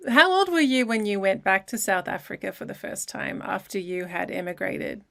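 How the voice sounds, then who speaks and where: A woman's voice: medium pitch, very animated, moderate pace, creaky, pushed and bright. A woman with an Australian accent hosting an interview, asking curious follow-up questions. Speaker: podcast host. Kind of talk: casual interview chat.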